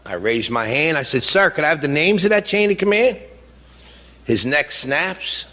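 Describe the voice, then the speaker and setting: A man's voice: fairly high pitch, expressive, normal speed, pushed and bright. A middle-aged man giving an impassioned public speech as a grieving father, blunt and emotional, full of rhetorical questions. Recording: long hall reverb.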